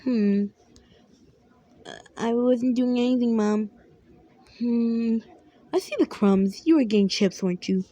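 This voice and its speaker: Lady doing a soft worried mom, half whispering, mellow and slow. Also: on the high side. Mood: scolding. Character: caring worried mother. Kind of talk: family role-play.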